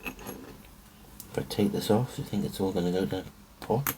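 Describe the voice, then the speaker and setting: Deep-voiced man muttering over his work. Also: measured pace, noisy background. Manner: muttering to himself, rambling. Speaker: watch-building hobbyist. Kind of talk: thinking aloud while working.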